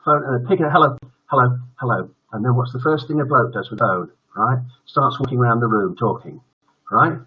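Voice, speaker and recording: A man's voice: medium pitch, a little fast, husky, dull audio. An older man hosting a live-streamed bedtime story show, chatting in a jokey, teasing way. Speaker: host.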